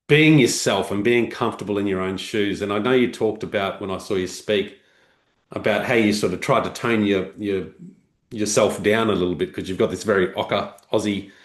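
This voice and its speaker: A man's voice: on the low side, echoey room. A man hosting a podcast, asking long, rambling questions with fillers. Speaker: podcast host. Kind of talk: conversational interview.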